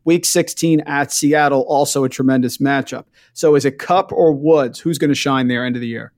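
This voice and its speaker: A man hosts a casual fantasy football podcast at a medium pitch. He moves the chat along with upbeat questions and playful jabs. His voice sounds relaxed and conversational. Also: normal speed. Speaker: podcast host.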